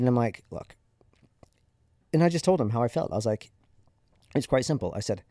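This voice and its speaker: A man's voice: mid-range voice, lively intonation, normal speed, long pauses, mellow, no room sound, clean studio sound. A man in his thirties, a podcast host, candidly and reflectively telling a personal story in a conversational way.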